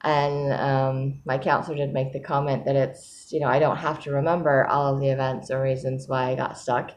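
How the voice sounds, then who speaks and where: A woman's voice: very deep voice, level tone, moderate pace, darkish tone, highs cut off, a little hiss or hum. A woman talking in a casual diary vlog, sleepy and yawning, rambling and self-deprecating with frequent laughs. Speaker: vlogger.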